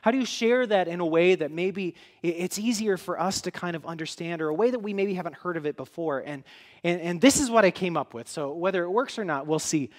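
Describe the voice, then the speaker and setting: Earnest, tired man preaching a sermon. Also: sits high. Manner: earnest, halting with many restarts, gets emotional. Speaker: pastor.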